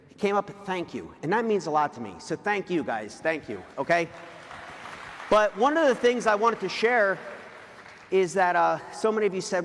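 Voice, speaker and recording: A middle-aged man speaks from a stage, his voice sitting high for a man. He talks emphatically and confessionally, often pushing up into shouts. His voice carries through the long reverb of a big event hall. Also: expressive, a little fast, slight background noise. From New Jersey. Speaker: motivational speaker. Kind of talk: live stage talk to an audience.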